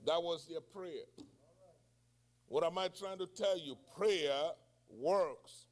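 A man in his sixties preaches with a high-pitched voice, taking his time over each phrase. He keeps asking the congregation questions and bursts into loud cries of prayer. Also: measured pace. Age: 60s. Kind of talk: sermon.

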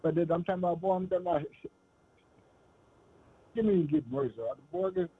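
A fervent male preacher with a husky, slightly high voice, working through his sermon and breaking into short laughs. The sound is thin and tinny, like it is coming through a phone line or old radio. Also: expressive, fairly quick. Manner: fervent, calls "boy" and "man", laughs between lines.

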